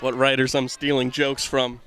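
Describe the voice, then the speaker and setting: A man from the Boston area giving casual play-by-play commentary at a softball game outdoors, full of rambling, self-deprecating jokes. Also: medium pitch, little pitch movement, moderate pace.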